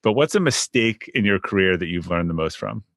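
A man hosts a podcast interview in a relaxed, casual way, often stumbling over and repeating his first words. His voice is low, and the recording is close and dry with no room sound. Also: fairly quick, gravelly, dry recording. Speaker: podcast host.

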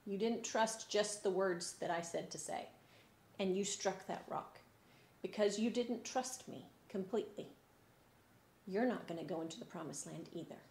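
Stern patient God in a woman's own voice, calm firm instruction, echoey room. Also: fairly low pitch, close to an everyday voice.

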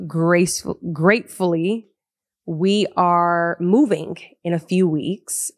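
Young woman, podcast host, lowish voice, dry close sound, chatty and excitable. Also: dry recording. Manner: chatty and animated, laughs often. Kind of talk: solo podcast talk. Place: living room of a large loft apartment. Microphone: podcast microphone.

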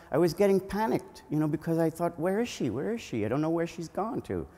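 A male priest giving a children's homily at a family Mass, telling a story with lively energy and asking the children questions. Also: on the high side. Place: church. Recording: long church reverb.

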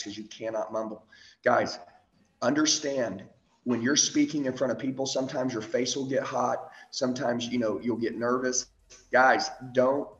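A man coaching on public speaking in a motivational training talk, firing off short repeated commands with occasional swearing, swinging between loud fired-up bursts and slow, quiet emphasis. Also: medium pitch, echoey room, highs cut off.

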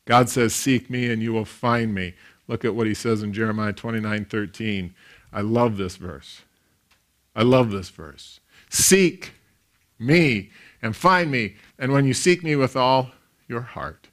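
A man, a pastor, preaching a sermon in an animated storytelling way, with big swings in loudness. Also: on the low side.

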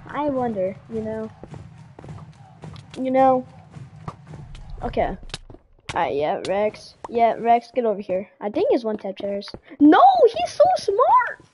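A woman's voice: on the high side, lively intonation, slow, pauses often, mellow, highs cut off, a little hiss or hum. A woman streaming a game live, chatting casually with her viewers and repeating phrases, with a slight cold. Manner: chatty, repeats herself, greets chat.

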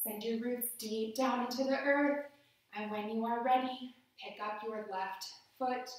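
A woman guiding children through a yoga lesson with gentle, playful cues. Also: on the high side, steady tone, a little slow. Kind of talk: guided kids' yoga lesson. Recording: echoey room, somewhat far from mic.

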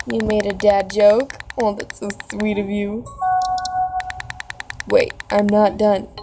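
A woman reading text messages aloud for a reaction video, breaking into dramatic, expressive outbursts. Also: mid-range voice, poor audio.

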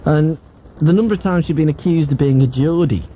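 A man's voice: a little high, fairly quick, slight background noise. A man hosting a late-night radio phone-in, chatting and joking casually with callers. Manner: chatty, jokey, animated. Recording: dull lo-fi radio broadcast recording.

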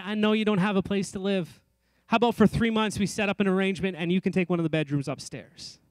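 A man's voice: sits high, smooth, no echo. A middle-aged man preaching a sermon in a church, earnest and conversational with light self-deprecating asides. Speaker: pastor. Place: church sanctuary.

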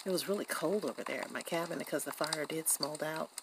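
A woman voicing a chatty young woman in a doll-play story, talking in an animated, indignant and giggly way. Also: sits low, fast talker, creaky, heavy background noise. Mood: playful.

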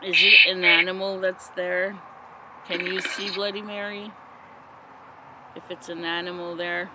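Speaking with a flat delivery in a lowish voice, this woman hosts a paranormal vlog and investigates spirits. She is nervous but unhurried, asking them short questions in a nighttime forest near a road, with passing traffic audible outside.

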